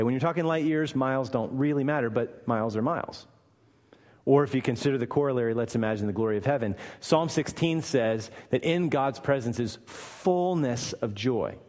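Male pastor, sermon delivery, earnest and emphatic, long reverb of a large hall. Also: mid-range voice. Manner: earnest preaching that swells louder and slower on key lines.

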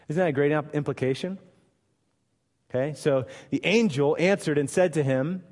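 A man preaching a sermon, acting out the Bible's dialogue with bursts of loud emphasis. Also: medium pitch, normal speed, long pauses. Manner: animated, acts out scripture dialogue with sudden loud emphasis. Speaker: pastor. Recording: long hall reverb.

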